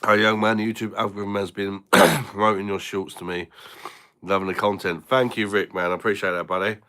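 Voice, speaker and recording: Deep-voiced, sweary bloke. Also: male voice, flat delivery, brisk, sharp tone. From Britain. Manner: blunt and sweary, banters with chat, chuckles often. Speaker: beer reviewer hosting a live stream. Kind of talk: casual live-stream chat.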